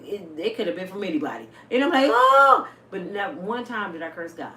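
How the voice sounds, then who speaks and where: A woman in her fifties talking casually and bluntly to her viewers, telling stories with salty, animated energy. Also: on the low side, quick pace. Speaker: vlogger. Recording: roomy, a bit distant, faint hiss.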